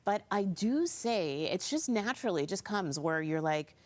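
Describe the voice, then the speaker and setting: A woman hosts a morning television show from a studio couch. She chats in a bright, easygoing way and laughs along with her guests. Her voice sits at an ordinary middle pitch. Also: lively intonation, normal speed. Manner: bright, chatty, laughs often. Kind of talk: casual studio chat.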